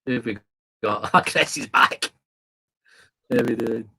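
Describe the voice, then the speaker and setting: A man's voice: mid-range voice, slow, gravelly, pushed and bright, husky, rough recording. A man hosting a casual live stream, chatting loosely and laughing often. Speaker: livestream host. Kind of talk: casual chat.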